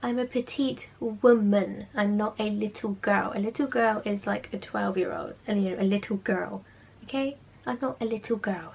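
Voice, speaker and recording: A woman's voice: mid-range voice, steady tone, normal speed, gravelly, a little mellow, a little hiss or hum. A young woman, a spa therapist, ranting sarcastically about clients in a casual vlog. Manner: exasperated, sarcastic storytelling.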